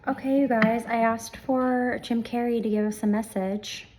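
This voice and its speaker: A woman doing a casual tarot reading at home, talking softly and often dropping to a whisper. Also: on the high side, steady tone, moderate pace, noisy background. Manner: soft-spoken, often hushed to a whisper. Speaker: tarot reader. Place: home room with sleeping dogs nearby.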